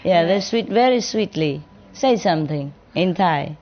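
A woman's voice: fairly low pitch, animated, measured pace. A woman teacher speaking informally to an audience, playful and laughing often, sometimes imitating accents. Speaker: spiritual teacher answering an audience. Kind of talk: informal gathering talk with audience. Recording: muffled recording with audience and noise.

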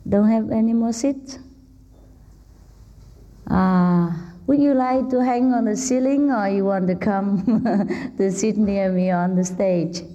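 A woman giving an easygoing spiritual talk to a seated crowd, her words unhurried and her tone mellow. She teases the people near her and laughs easily. The recording has a dull, lo-fi sound. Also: mid-range voice. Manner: playful, laughs often, chats with the audience. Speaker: spiritual speaker. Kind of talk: informal talk to a live audience. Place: indoor hall with a seated audience.

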